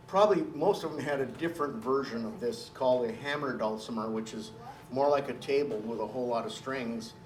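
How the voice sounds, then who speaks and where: A man, a folk singer and storyteller, talking in a folksy, colloquial way during a live music program for an audience. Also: mid-range voice. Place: live performance space with audience. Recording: roomy live recording, mic at a distance. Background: banjo and dulcimer playing.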